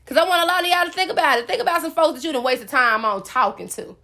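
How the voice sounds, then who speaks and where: A woman's voice: high voice, expressive, quick pace, few pauses, a bit bright. A woman hosting a solo podcast, preaching at her listeners with sass and speaking directly to them. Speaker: podcast host.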